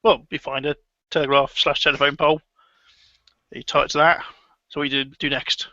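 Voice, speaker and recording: A man's voice: a little high, flat delivery, a little fast, bright, forceful tone, dry recording, dull audio. A man narrating as game master of a tabletop horror game, hesitant with many ums. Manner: hesitant, full of ums and restarts.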